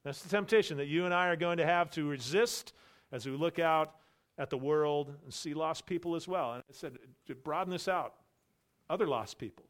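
A man preaching from the pulpit, his voice pitched a little high. He presses his points hard and says the key phrases twice. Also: normal speed. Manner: emphatic, repeats key phrases, voices imagined boastful believers. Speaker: pastor. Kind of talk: expository sermon.

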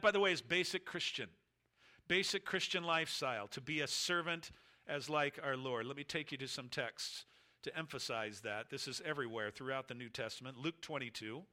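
A man preaching an expository sermon, emphatic, rising loud and dropping quiet as he acts out the disciples' thoughts and quotes scripture. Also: mid-range voice. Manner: emphatic, swings between loud rises and quiet drops.

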